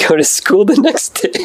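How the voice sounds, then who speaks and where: A man's voice: high voice, no room sound. Rambling man from Wisconsin, dry sound. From Wisconsin, USA. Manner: rambling, profane, full of "like" fillers. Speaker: podcast guest. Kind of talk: casual storytelling.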